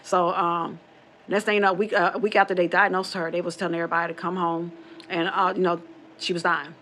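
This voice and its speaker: A woman's voice: on the low side, little pitch movement, fast talker, a bit bright, slight background noise. A woman casually telling a spooky true story from her own family, rambling and repeating herself, acting out quoted dialogue.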